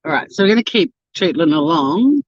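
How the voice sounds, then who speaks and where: A woman's voice: low voice, big pitch swings, fairly quick, dry recording, muffled recording. An Australian woman from Tasmania chatting casually and swearing freely while she drives and answers a live chat. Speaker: livestream host. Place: in a car, driving.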